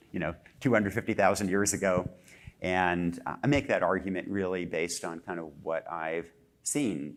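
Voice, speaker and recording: A man with a very low voice talks on a discussion panel, pausing often and filling gaps with hesitant sounds. He is a journalist who speaks with growing animation. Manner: halting, many filler sounds, grows more animated.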